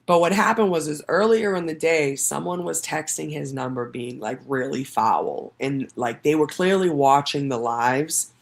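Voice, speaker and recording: A woman's voice: sits low, moderate pace, gravelly, few pauses. Rambling, profane woman telling stories. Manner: rambling, profane, laughs often. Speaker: livestream show host. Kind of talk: casual storytelling.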